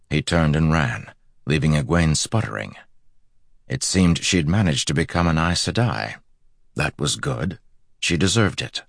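A man with an extremely deep, low voice narrating a fantasy audiobook. He reads in a steady, measured way, recorded dry and close with no room sound. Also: gravelly, no room sound.

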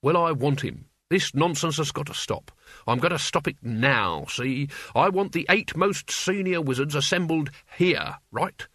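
A man voicing a gruff, irritable old male wizard who snaps his words bluntly and impatiently, in a storybook reading. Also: fairly high pitch, expressive, unhurried, fairly bright tone, no room sound, heavily acted. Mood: commanding.

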